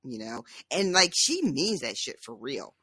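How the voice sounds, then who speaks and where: A woman's voice: extremely low pitch, very animated, measured pace, fairly bright tone, breathy edge, no room sound, clean studio sound. A woman co-hosting a podcast, chatting casually about a book, laughing often and swearing freely. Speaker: podcast co-host.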